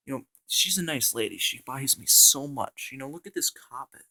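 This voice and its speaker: Young man, mid-pitched, dry close sound; rambling comic storyteller, all "you know"s and stammers, fake tough-guy talk. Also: animated, moderate pace, hardly any pauses, pushed and bright, no room sound. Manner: mock-tough mob boss bluster. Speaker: comedy vlogger. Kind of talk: rambling improvised comic monologue. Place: indoor home room with carpet.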